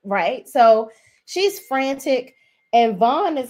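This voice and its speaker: A woman in her forties chats through a relaxed livestream recap with a mid-range voice. She talks straight to her viewers in an animated, easygoing way, looping back over points as she goes. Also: mid-range voice, unhurried. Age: 40s. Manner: chatty, animated, addresses viewers directly. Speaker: host. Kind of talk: casual livestream show review.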